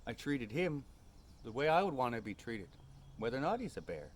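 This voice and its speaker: A man telling a personal story in a calm, unhurried way, often ending lines with a tag question. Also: mid-range voice.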